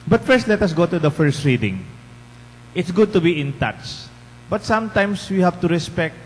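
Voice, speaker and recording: Filipino priest giving a chatty homily, kinda high voice, big echoey church. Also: male voice, big pitch swings, moderate pace. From Philippines. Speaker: parish priest. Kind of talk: bilingual homily. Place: large church. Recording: long church reverb, faint hum.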